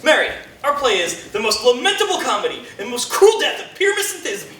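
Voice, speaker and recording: An actor plays an earnest, fussy carpenter handing out parts, coaxing and organizing with a lively, bright voice. Heard from far back on a roomy stage with faint hiss. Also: high voice, brisk. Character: fussy male carpenter directing an amateur play. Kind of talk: live college stage performance. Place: college theatre stage.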